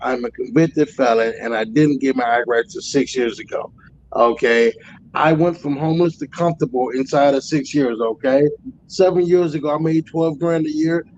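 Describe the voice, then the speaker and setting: A man in his forties, a truck driver guest, telling road stories in a profane, animated casual way. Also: mid-range voice, moderate pace, muffled recording, a little hiss or hum. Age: 40s. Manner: profane, animated storytelling with loud acted outbursts. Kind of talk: casual storytelling chat.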